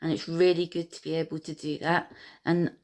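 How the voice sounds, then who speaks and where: A woman and piano teacher gently recalling her own learning, talking hesitantly with many pauses and fillers. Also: low-pitched, little pitch movement. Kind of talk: reflective personal storytelling. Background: piano music.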